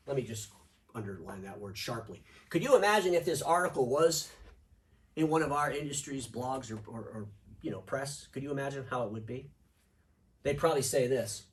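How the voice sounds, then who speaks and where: A man hosting an opinionated video commentary, sarcastic and animated, reading quotes aloud with mock emphasis. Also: medium pitch, fairly quick, far from the mic. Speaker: show host.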